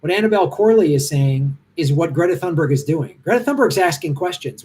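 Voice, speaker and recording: A man's voice: a little high, animated, a little fast, hardly any pauses, a little mellow. A middle-aged man, a stand-up comic, talking bluntly and passionately as he answers viewer comments from a hotel room. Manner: impassioned, blunt, rambling. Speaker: stand-up comic hosting a live Q&A stream.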